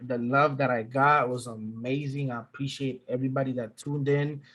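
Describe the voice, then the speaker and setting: A man hosting a casual podcast, easygoing and slangy as he chats and signs off. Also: medium pitch. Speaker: podcast host.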